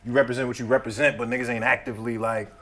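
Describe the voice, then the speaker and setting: Fast-talking casual male interviewer. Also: medium pitch, level tone, fairly bright tone. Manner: loose, filler-heavy questioning. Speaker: interview host.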